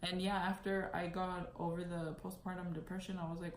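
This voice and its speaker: A woman's voice: on the low side, flat delivery, fairly quick, few pauses. A young woman vlogger telling a personal story candidly, with a lot of "like". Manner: candid, heavy use of "like". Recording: echoey room, faint noise.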